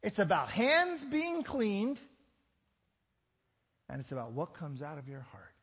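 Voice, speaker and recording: An earnest adult male teacher, put on by a preacher, correcting his followers with an emphatic, drawn-out delivery. The voice is husky and sits fairly high, and it carries a long echo from a large hall. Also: huge pitch swings, fairly bright tone, heavily acted.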